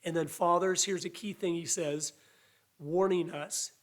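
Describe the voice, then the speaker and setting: A high-voiced man delivering a sermon. He speaks earnestly and conversationally, with a voice that sounds a little weak. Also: steady tone, a little slow. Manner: earnest, conversational preaching with restarts and acted quotes. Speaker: preacher.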